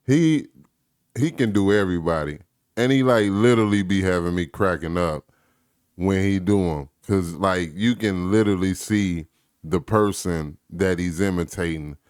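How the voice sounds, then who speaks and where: A man's voice: low voice, moderate pace, a little mellow, clean tone, no room sound, clean studio sound. A man hosting a reaction video, talking in casual slang and urging viewers to comment.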